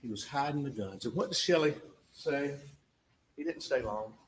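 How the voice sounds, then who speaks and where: A man's voice: medium pitch, normal speed, a little hiss or hum, low-quality recording. A man giving a closing argument as a prosecutor in a courtroom, emphatic and full of rhetorical questions that drive home each point.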